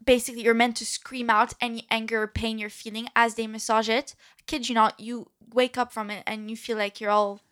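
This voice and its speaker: A woman's voice: a little high, level tone, a little fast, few pauses, fairly bright tone. A woman with an odd French-American accent, chatting as a guest and giggling easily. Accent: slightly odd French-American mix. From France. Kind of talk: casual chat.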